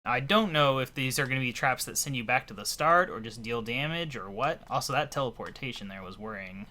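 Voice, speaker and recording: A man giving casual, thinking-aloud commentary as he plays a game, his voice a little hoarse. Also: mid-range voice, fairly quick. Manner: relaxed, thinking aloud while playing. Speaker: let's play commentator.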